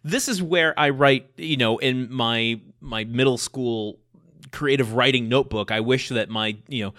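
A man's voice: mid-range voice, unhurried, a bit bright, no room sound, studio quality. A man co-hosting a TV rewatch podcast, chatting casually, laughing often and swearing freely. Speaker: podcast co-host.

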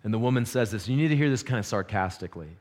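A man preaching a sermon, shifting from loud urgent peaks to quiet intense lows, with casual slang. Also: lively intonation, racing.

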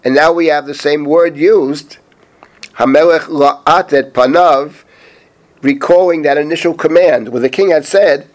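A middle-aged man, a rabbi, teaching a Bible chapter, reading Hebrew verses slowly and then translating and explaining them. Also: on the high side. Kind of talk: spoken Bible lesson.

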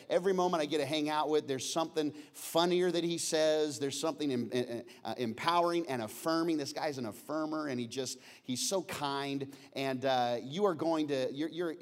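A pastor with a fairly high-pitched voice introduces a guest speaker to his church. His delivery is halting, full of fillers and restarts.

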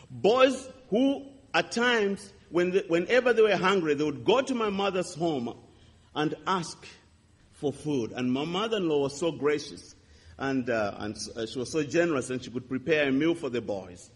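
Husky preacher in a reverberant hall. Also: male voice, on the high side. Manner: impassioned storytelling with sharp swings between loud and hushed. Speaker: pastor. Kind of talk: sermon testimony.

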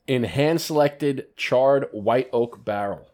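A man's voice: mid-range voice, slow, a little mellow. A man co-hosting a casual podcast, swapping laughing, joking banter over cigars and whiskey. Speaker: podcast co-host. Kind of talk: casual chat.

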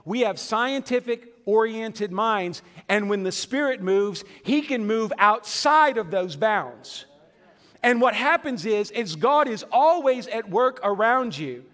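A man's voice: high voice, lively intonation, slow pace, a bit bright. A middle-aged man preaching a sermon in a church, conversational and humorous, with asides to the congregation. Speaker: pastor. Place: church sanctuary. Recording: long hall reverb.

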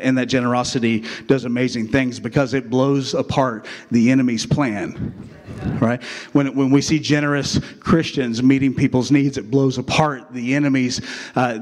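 A pastor preaching a sermon in a chatty, joking way, calling on the crowd to answer back. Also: male voice, mid-range voice. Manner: jokey, chatty preaching with call-and-response. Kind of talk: sermon with acted skit.

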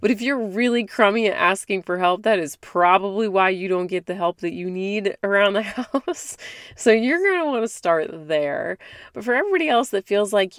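A woman's voice: medium pitch, animated, moderate pace, dry recording, clean studio sound. A woman in her thirties hosting a podcast, giving casual, direct advice and laughing often. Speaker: podcast host. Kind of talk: casual motivational talk.

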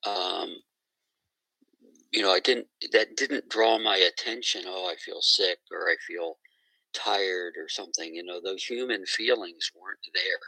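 A middle-aged man, a guest on an interview, retelling a story and quoting others in a lively conversational way. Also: deep voice, measured pace, creaky, dry recording, rough recording.

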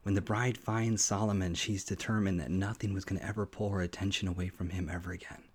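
A man's voice: low-pitched, fairly even intonation, quick pace, slightly rough. A man hosting a devotional podcast, preaching in an earnest, heartfelt, personal way and often restarting his sentences. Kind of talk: conversational sermon.

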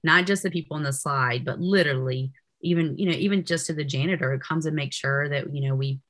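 A woman's voice: low voice, quick pace, fairly bright tone. A woman researcher talking as a podcast guest in easy conversation, often filling with "you know". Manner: chatty, peppers speech with "you know". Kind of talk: casual interview chat.

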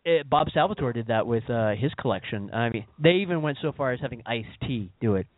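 A man hosting a podcast talks in a loose, rambling way, restarting his sentences as ideas pile up. His voice sits at an ordinary middle pitch. The sound is thin and phone-like, with no room echo at all. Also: fairly quick. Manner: animated, rambling, self-interrupting. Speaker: podcast host. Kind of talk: casual chat. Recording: tinny phone-like dry recording.

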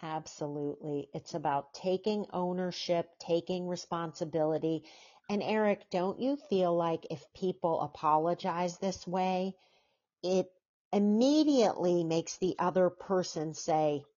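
A woman's voice: lowish voice, unhurried, dark tone. A woman hosting a podcast and interviewing her guest in an eager, enthusiastic, affirming way. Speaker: podcast host. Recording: dull lo-fi sound.

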